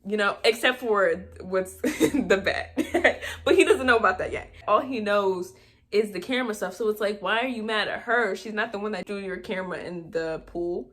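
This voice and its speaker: A young woman talks straight to camera, running through a film's plot in a loose, chatty way. She breaks in with dry, sarcastic jabs and laughs at her own remarks. Her voice sits at a middling pitch for a woman. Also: normal speed, a bit bright. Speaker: movie review vlogger. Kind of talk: casual movie recap.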